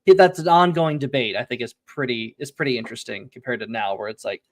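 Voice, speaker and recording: A man's voice: medium pitch, fast talker. A man hosting a casual group podcast chat, rambling with frequent restarts and laughter. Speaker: podcast host.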